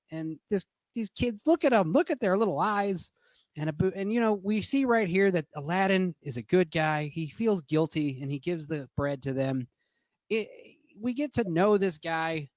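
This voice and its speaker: A man's voice: on the high side, darkish tone, no room sound. Drunk man ranting about a movie. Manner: profane, rambling, lots of fillers and restarts. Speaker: movie reviewer. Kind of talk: rambling casual movie rant.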